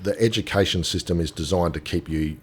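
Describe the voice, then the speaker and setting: A man's voice: low voice, brisk, breathy edge. A middle-aged Australian man, a gold dealer, chatting on a podcast and telling stories with acted-out voices. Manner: animated storyteller, acts out quoted voices. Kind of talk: casual podcast chat.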